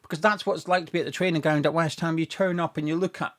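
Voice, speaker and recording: A man's voice: on the high side, fast. A young man, hosting a football fan show and ranting sarcastically about his club's owners. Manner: sarcastic, mocking, animated rant with mock quotes. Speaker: football fan podcast host.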